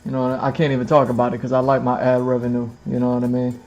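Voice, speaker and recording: A man's voice: medium pitch, monotone, quick pace, a little mellow, faint music behind. Rambling man streaming to camera. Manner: rambling, repeats phrases, many fillers. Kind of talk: casual livestream chat. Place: indoors in front of a camera with lights.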